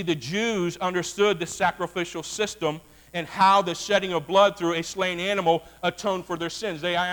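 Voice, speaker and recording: A man preaching a sermon as a Baptist pastor, animated and folksy, calling out to his congregation. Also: high voice.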